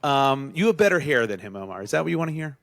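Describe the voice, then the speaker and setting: A man's voice: fast, gravelly, no room sound. A man co-hosting a podcast, telling a story to friends in casual chat and acting out the quotes. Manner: animated, acts out quotes with rising pitch. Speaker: podcast co-host.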